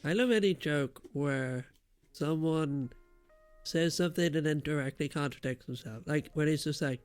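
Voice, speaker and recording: An Irish man co-hosting a podcast, chatting casually with dry, deadpan one-liners. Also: a little high, normal speed, smooth, no echo, faint music behind. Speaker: podcast co-host. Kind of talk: casual comedic chat.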